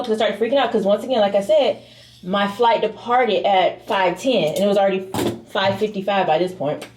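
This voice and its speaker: Animated young woman vlogger, echoey room. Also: mid-range voice, brisk. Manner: animated, swears, acts out the people in her story. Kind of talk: casual storytelling vlog.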